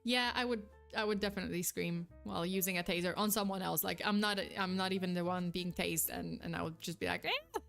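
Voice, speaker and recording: A young woman chatting casually on a live stream, reacting to chat with quick, giggly, animated replies. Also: lowish voice, gravelly, faint music behind.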